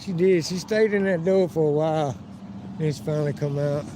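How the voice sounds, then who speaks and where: Brief: a fairly high-voiced man walking outside on a phone stream, rambling and swearing through his stories, with loud street noise behind him. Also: fairly quick. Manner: profane, rambling storyteller who acts out quotes. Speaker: live-streaming vlogger. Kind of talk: casual live-stream vlog, walking outdoors. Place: outdoors by a river and town streets.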